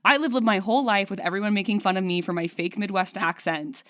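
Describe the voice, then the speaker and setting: A young woman co-hosting a casual podcast, riffing playfully and jumping in with quick jokes. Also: medium pitch, fairly bright tone. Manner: jokey, rapid riffing, playful interruptions. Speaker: podcast co-host.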